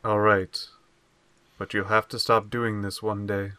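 A man voicing a huge stoic brother who speaks in a deadpan, menacing way. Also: fairly low pitch, a little slow, clear, resonant tone, dry recording. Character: huge stoic male brute, unmoving brother.

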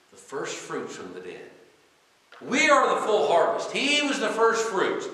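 Fervent preacher in an echoey church. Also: male voice, medium pitch. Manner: fervent preaching, swinging from loud exclamations to hushed tones; repeats phrases with rising emphasis. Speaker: pastor. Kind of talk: sermon. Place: church sanctuary. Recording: echoey church hall with long reverb.

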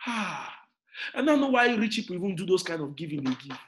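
Nigerian man, 30s, motivational speaker; high-pitched, hammering repetition, hushed lines flaring into shouts. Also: sing-song, fairly quick. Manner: emphatic, repetitive, swings from quiet to shouting. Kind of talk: motivational talk. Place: indoors in an air-conditioned room.

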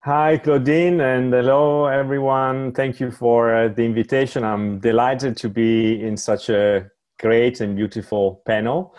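A man, a port managing director, introducing himself formally on a panel with many hesitant pauses. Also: medium pitch, fairly even intonation, a little mellow.

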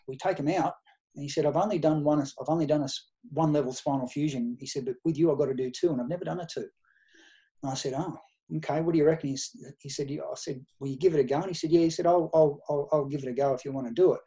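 A warm, mid-range voice belongs to a middle-aged man with an Australian accent, a nutrition researcher and coach guesting on a podcast. Over a casual interview, he shares anecdotes, recounting past conversations word for word.

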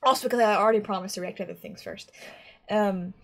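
A woman's voice: mid-range voice, fast, gravelly. A woman giving casual reaction commentary on an anime, talking in a rambling, chatty way with lots of restarts.

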